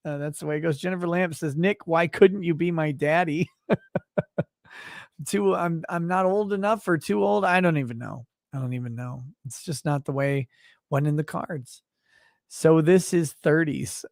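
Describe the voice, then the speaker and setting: A man's voice: a little high, no echo, studio quality. Profane, joking male livestream host. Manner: loose and profane, joking, reads donor messages aloud. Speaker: livestream host reading viewer chat. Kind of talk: casual late-night livestream banter.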